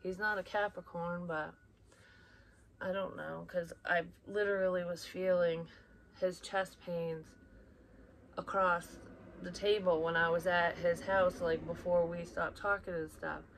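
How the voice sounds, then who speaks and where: A woman's voice: on the low side, flat delivery, unhurried, a little hiss or hum. A young woman talking casually as a psychic reader, blunt and rambling, swearing often and sometimes dropping to a whisper. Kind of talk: casual personal chat.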